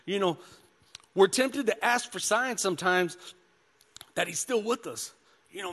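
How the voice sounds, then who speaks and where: Speaking at a moderate pace in a high-pitched, fairly bright tone, a man gives a sermon as pastor. Scripture readings mix with his own testimony in a casual style full of "you know" and "man." The recording has a long hall reverb.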